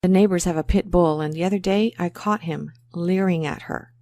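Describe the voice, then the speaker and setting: A woman voicing a chatty, anxious dog owner in an exam listening recording. She talks in a low-pitched voice over a dry studio sound with no room around it. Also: moderate pace, darkish tone, dry recording, close to an everyday voice. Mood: talkative worried. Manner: chatty, fretful, a little embarrassed. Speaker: pet owner in a scripted exam dialogue. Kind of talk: scripted exam role-play.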